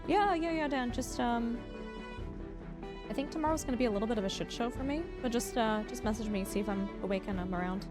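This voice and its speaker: Woman streamer, fairly high voice, chatty and teasing, faint music under her. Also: fast. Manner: chatty, animated, teasing, talks to chat. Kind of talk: casual livestream chat while gaming.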